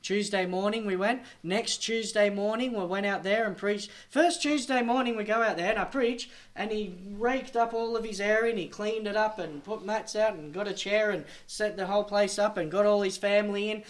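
A man preaching a sermon as a missionary, telling a story and swinging between loud emphatic lines and hushed ones. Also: high-pitched, normal speed, few pauses.

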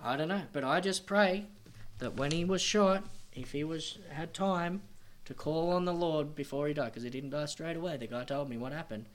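A high-pitched male missionary preacher delivering a sermon. He tells his story dramatically, rising to loud, pressing emphasis and then dropping to near-hushed tones. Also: moderate pace.

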